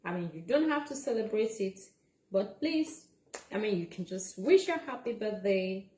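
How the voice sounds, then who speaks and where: A woman's voice: mid-range voice, animated, normal speed, mellow, echoey room. A woman livestreaming relationship advice in a casual, earnest way, repeating her points and checking in with "okay?".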